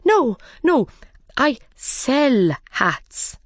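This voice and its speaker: A man's voice: sing-song, drawn-out words, no room sound, studio quality, full character voice. A woman voicing a nervous, frightened hatter with a raised, pleading voice. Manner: higher pitched, anxious, pleading.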